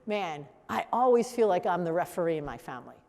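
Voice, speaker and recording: A woman teaching a coaching workshop, lively and laughing, repeating answers back to the room. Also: fairly low pitch, fast, big-room sound. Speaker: coach trainer.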